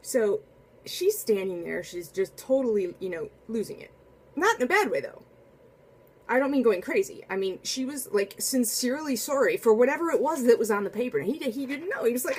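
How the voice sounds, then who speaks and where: A woman telling a casual spoken anecdote in a chatty, animated way, full of asides and restarts. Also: a little high, fairly quick, slight background noise. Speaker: storyteller.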